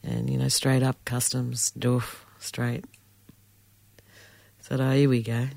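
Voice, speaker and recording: A middle-aged woman, a musician guest telling lively stories in a casual interview. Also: very deep voice, slow, gravelly, no room sound. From Australia. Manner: animated storyteller, acts out voices and laughs.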